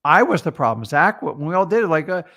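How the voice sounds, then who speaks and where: Man, motivational coach, emphatic, slightly high voice. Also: big pitch swings, fast talker, fairly bright tone. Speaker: wholesaling coach. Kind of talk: casual motivational talk.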